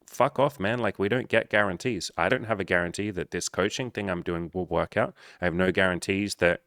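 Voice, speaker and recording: A man's voice: low voice, brisk, no echo, studio quality. A man who works as a dating coach, giving a blunt, profane motivational talk and acting out the people he quotes. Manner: profane, forceful, acts out quoted voices.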